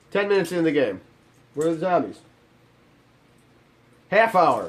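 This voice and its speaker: Sarcastic ranting man, higher voice. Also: unhurried, pauses often. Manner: animated, sarcastic, profane. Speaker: video game reviewer. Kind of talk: ranting game review.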